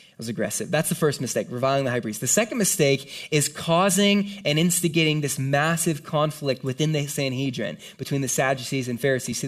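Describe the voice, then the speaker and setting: Male pastor, sermon, animated, conversational, casual slang, slightly high voice. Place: room with a congregation.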